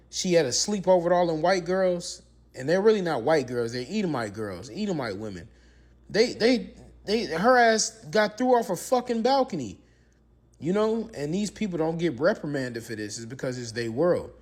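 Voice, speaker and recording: Casting: male preacher-commentator, higher voice, very lively swings, emphatic and repetitive, rhetorical questions. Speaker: religious commentator. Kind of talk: preaching commentary with scripture reading.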